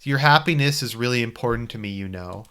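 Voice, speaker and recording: A man's voice: fairly quick, pushed and bright, clear, resonant tone, close to an everyday voice. A man voicing a cheerful, fussy teenage girl who worries over her childhood friend, reading a visual novel aloud. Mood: pleading. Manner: pleading, motherly nagging in a high put-on voice.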